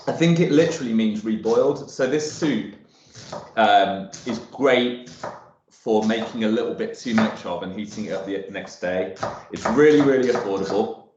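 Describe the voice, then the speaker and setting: Chatty man hosting a video-call cooking demo. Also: fairly low pitch. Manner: chatty, rambling, many ums and restarts. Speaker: online cooking workshop host. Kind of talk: casual live cooking demo talk. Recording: roomy, dull video call audio.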